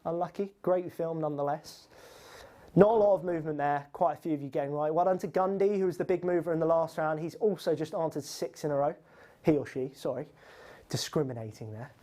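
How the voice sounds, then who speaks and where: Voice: mid-range voice, fairly even intonation, fast talker, mellow. A quiz host running a live online quiz, reading out questions and scores in a chatty, teasing, upbeat way.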